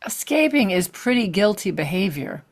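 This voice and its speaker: A woman's voice: medium pitch, big pitch swings, normal speed. A woman in a scripted audio drama asking a curious stream of questions. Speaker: questioning companion.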